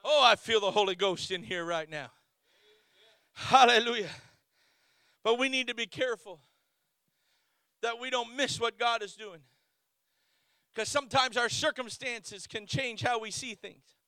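A man's voice: extremely high pitch, unhurried, pauses often, bright, forceful tone, dry recording. A man preaching a storytelling sermon as a missionary, with frequent restarts and exclamations. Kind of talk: Pentecostal-style sermon.

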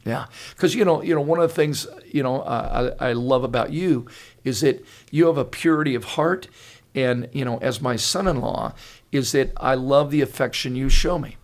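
A man's voice: medium pitch, moderate pace. An older man hosting a podcast, talking earnestly and telling stories with lots of restarts. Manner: earnest and animated storyteller with frequent restarts. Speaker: pastor and podcast host. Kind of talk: casual podcast conversation.

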